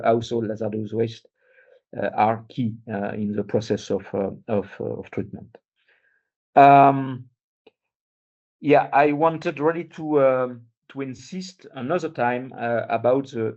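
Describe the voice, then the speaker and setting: A man gives a workshop talk, stopping often on fillers and restarting his sentences. His voice is gravelly and mellow. The recording sounds dull and muffled, as from a conference room. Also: on the low side. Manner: halting, many fillers and restarts. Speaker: conference speaker. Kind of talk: presentation at a workshop.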